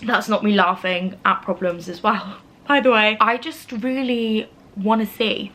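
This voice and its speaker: A woman's voice: medium pitch, fairly even intonation, unhurried, fairly bright tone, echoey room, far from the mic, rough recording. A woman in her early twenties chatting casually in a vlog, rambling with lots of asides and fillers. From England. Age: early 20s. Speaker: vlogger.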